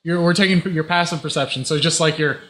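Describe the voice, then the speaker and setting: A man's voice: fairly high pitch, fast, a bit bright. A young man running a tabletop game, explaining rules and describing scenes in a loose way with many fillers. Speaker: game master.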